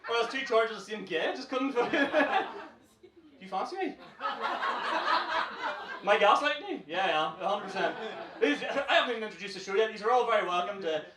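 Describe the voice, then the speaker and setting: A man's voice: high voice, lively intonation, fairly quick, pauses often, very noisy. A man with a Northern Irish accent hosting a comedy club night, teasing the front row with brash, sweary crowd work and laughing often. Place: comedy club stage, indoors. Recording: roomy live club sound from far off with loud audience. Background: audience laughing and cheering.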